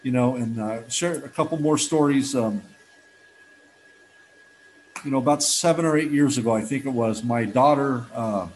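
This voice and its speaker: A man's voice: medium pitch, moderate pace, long pauses, a little mellow, a little hiss or hum, low-quality recording. Earnest middle-aged man sharing his story. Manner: earnest, heartfelt storytelling with restarts. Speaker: recovery meeting speaker. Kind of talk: personal testimony talk.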